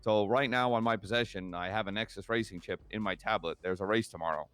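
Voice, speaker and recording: A man's voice: fairly low pitch, fast talker, a bit bright. Casual, swearing male roleplay cop. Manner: casual, swears a lot, storytelling. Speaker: police officer in a roleplay. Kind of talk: in-character roleplay chat.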